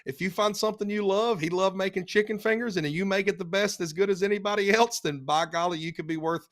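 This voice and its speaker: A man's voice: high-pitched, quick pace, a bit bright. A man, a pit reporter co-hosting a casual podcast, easygoing and joking, laughing between words.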